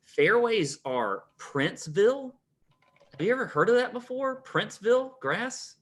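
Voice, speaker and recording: A man's voice: sits high, big pitch swings. A man co-hosting a golf betting show, rattling off course details in a casual way with plenty of fillers. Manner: rapid-fire stats rundown with many fillers. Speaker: co-host.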